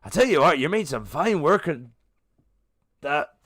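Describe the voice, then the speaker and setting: A man voicing a hearty Scottish king with a put-on Scottish accent, booming and cheerful. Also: big pitch swings, a little slow, fairly bright tone, husky, no echo, studio quality, full character voice.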